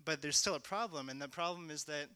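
A young man tells his testimony in a loose, chatty way, filling his sentences with "like" and "you know". His voice is bright and crisp, a little high for a man. It sounds close and dry, with no room around it. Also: fast talker, dry recording. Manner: casual, lots of "like" and "you know", rising to shouts. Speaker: speaker sharing a testimony. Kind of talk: testimony talk.

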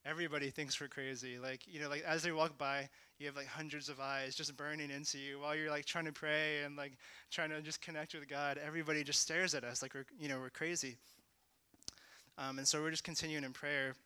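Young man telling a testimony, crisp and bright. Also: fairly high pitch, flat delivery, brisk, no echo. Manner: casual, lots of "like" and "you know", rising to shouts. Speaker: speaker sharing a testimony. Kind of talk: testimony talk.

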